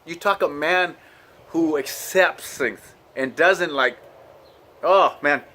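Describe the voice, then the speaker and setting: Earnest, emotional man with a higher voice. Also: sharp tone. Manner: halting, trailing off and restarting. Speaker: vlogger. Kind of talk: inspirational monologue. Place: indoors at his computer.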